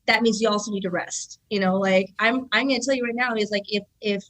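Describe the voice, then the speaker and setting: A woman in her thirties, a jiu-jitsu instructor, telling stories in an animated way and filling her speech with "like.". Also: medium pitch, fast. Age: 30s. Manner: animated storyteller, many fillers like "like". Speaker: guest, jiu-jitsu black belt and instructor. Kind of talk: casual podcast conversation.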